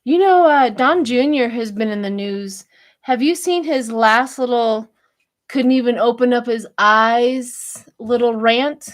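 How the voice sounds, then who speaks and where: A woman's voice: a little high, measured pace. An older woman from Colorado doing a casual, chatty tarot reading for her channel, laughing often and wandering into gossipy asides. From Colorado, United States. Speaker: tarot reader.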